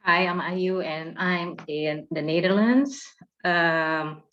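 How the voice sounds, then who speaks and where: A woman introducing herself on a video call in a slow, careful way. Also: lowish voice, fairly bright tone. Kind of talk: self-introduction in an online meeting. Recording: dull call audio.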